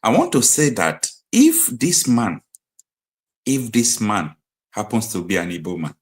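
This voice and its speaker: A man's voice: lowish voice, huge pitch swings, measured pace. A man with a Nigerian accent hosting a live political commentary stream, emphatic and hammering his points home by repeating them. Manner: emphatic, repeats key phrases like a preacher.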